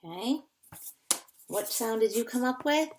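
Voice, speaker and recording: A woman's voice: on the high side, animated, unhurried, darkish tone, slight background noise. A woman teaching a phonics lesson to young children, patiently repeating words to sound them out.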